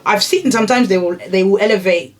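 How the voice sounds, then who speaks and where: A woman's voice: mid-range voice, fast talker, a crowd in the background. A woman co-hosting a podcast, telling stories in casual chat with lots of fillers. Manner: chatty storyteller, frequent "yeah" and "like" fillers. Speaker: podcast co-host.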